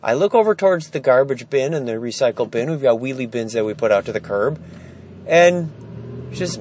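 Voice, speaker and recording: A man's voice: mid-range voice, lively intonation, a little fast, darkish tone, slight background noise. Exasperated man telling a wry story. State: stressed and tired. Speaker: vlogger. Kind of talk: casual storytelling vlog. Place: indoor storage warehouse. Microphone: phone held while walking.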